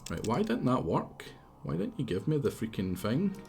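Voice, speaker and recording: A man's voice: medium pitch, wildly swooping pitch, moderate pace, gravelly, a little mellow, soft background music. A Scottish man streaming a game live, rambling casually, swearing freely and talking back at the game. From Scotland. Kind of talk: casual live gameplay commentary.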